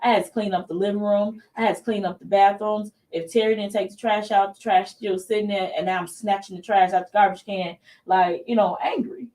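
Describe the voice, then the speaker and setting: A woman's voice: mid-range voice, fairly even intonation, fairly quick, hardly any pauses, dark tone, recorded from a distance. A woman hosting a casual talk show, chatty and emphatic, laughing easily. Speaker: show host.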